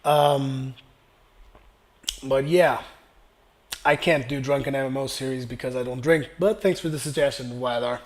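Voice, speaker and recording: A man's voice: medium pitch, steady tone, a little slow, pauses often. A young man hosting a gaming channel, casually reading viewer comments aloud and answering them while his voice is wearing out from a dry throat. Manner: casual, rambling, reads comments aloud then responds.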